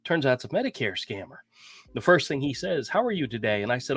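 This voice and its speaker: Animated, foul-mouthed male storyteller. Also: mid-range voice, fast talker, slightly rough. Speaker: podcast co-host. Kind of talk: casual chat.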